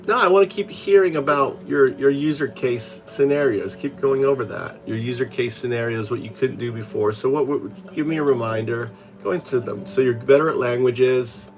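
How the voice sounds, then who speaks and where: A man at a middle pitch, chatting casually with AI assistants and rambling in halting starts and restarts. Clear music plays behind him. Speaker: host.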